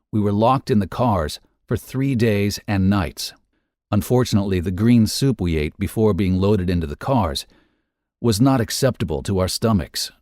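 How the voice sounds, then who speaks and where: A man narrating a first-person memoir in a measured, somber reading for a podcast. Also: on the low side, darkish tone, dry recording, clean studio sound.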